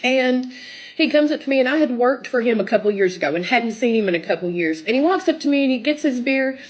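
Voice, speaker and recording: Young woman telling her testimony, emotional, kinda high voice, muffled lo-fi audio. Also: animated, fast talker. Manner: emotional, rises high when quoting prayers. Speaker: testimony speaker. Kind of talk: personal testimony. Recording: dull lo-fi sound.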